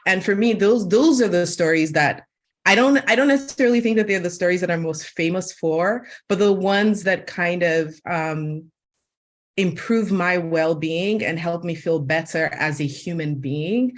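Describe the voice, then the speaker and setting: A woman from Sierra Leone with an American accent tells an animated personal story on a webinar panel, using lots of "like" fillers. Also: fairly low pitch, moderate pace. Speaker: webinar guest, media host.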